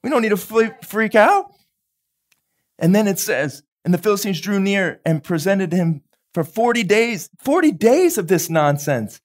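A man with a notably high speaking voice delivers a live sermon as pastor. He preaches with animation, laughs often, and slips into quick acted-out lines of dialogue. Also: big pitch swings.

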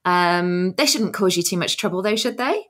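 A woman's voice: fairly low pitch, expressive, normal speed. A woman co-hosting a casual football podcast, chatting, asking questions and analysing play. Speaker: podcast co-host, presenter.

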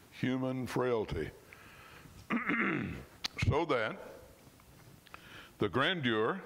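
A man, a pastor, preaching a sermon in church. He reads scripture slowly and with emphasis, and at times his voice drops suddenly soft. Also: medium pitch.

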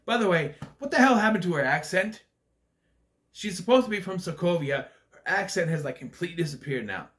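A man's voice: sits high, animated, brisk, a bit bright. A man giving a casual, opinionated movie review, blunt and ranting, with swearing, loose fillers and restarts.

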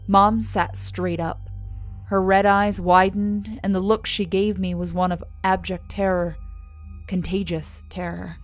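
A woman narrating a first-person horror story in a measured, scripted delivery, letting her voice fall softly on the tags. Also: medium pitch, steady tone. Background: soft music.

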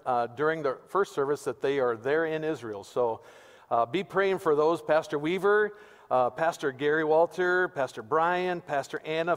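Joking pastor in an echoey church. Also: male voice, on the high side. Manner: casual, joking, with many fillers. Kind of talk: sermon. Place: church sanctuary. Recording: reverberant church sanctuary.

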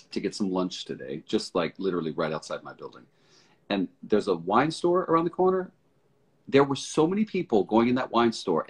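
A man's voice: lowish voice, a little mellow, husky. A man hosting a casual live video chat, upbeat and reassuring, often repeating himself. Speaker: live stream host. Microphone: phone or webcam on a live video call.

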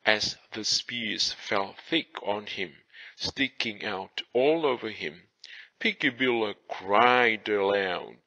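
A man narrates folk tales in a slow, measured storybook reading. His low voice is husky yet bright-edged. The dry recording sounds somewhat dull and lo-fi. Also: animated, no echo. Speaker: audiobook narrator.

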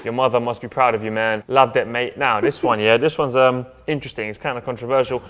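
A man's voice: mid-range voice, fairly even intonation, fast, fairly bright tone, big-room sound, slight background noise. A young man co-hosting a casual chat, bantering and joking as he reads out viewer posts. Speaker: co-host.

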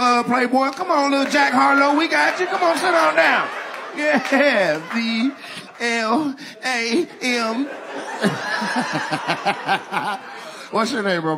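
A man doing stand-up crowd work on stage, loudly teasing people in the audience and laughing as he goes. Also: high-pitched, noisy background. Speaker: stand-up comedian. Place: large theater on stage. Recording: live theater with loud crowd.

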